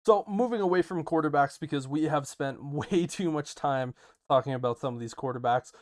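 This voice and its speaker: A man co-hosting a casual sports podcast, animated and quick to ask questions. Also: fairly high pitch, dry recording. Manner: animated, self-interrupting, asks questions. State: hiccuping. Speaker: podcast co-host.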